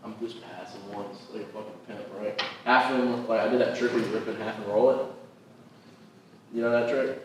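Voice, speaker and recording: A man's voice: lowish voice, fairly quick. A man, a comedian and podcast co-host, telling rambling stories and swearing constantly. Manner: swears constantly, animated anecdotes. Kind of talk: profane casual storytelling. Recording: echoey room, distant mic, noisy.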